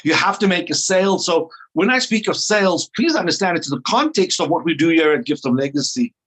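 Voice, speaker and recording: A man's voice: on the high side, lively intonation, a little fast, a bit bright. A South African man leading an online training call, greeting attendees with playful, upbeat banter over a video call.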